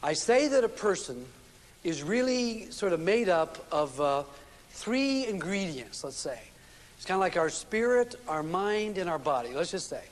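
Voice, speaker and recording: A man's voice: high-pitched, sing-song, a little slow. A man giving a relationship seminar to a live audience, telling anecdotes in a folksy way with frequent restarts. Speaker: seminar speaker. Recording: long reverb of a seminar hall.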